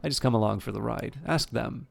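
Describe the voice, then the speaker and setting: Guy doing a cocky elf swordsman, sardonic, fry in the voice. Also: medium pitch, brisk. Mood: wry. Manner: sardonic, blustering oaths. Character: proud hot-tempered male elf warrior.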